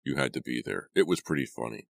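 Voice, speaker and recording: A man's voice: rumbling low, lively intonation, quick pace, gravelly, fairly bright tone, no echo, exaggerated voice. A man reading the lines of a cocky, smug teenage boy in an audiobook, sarcastic in tone.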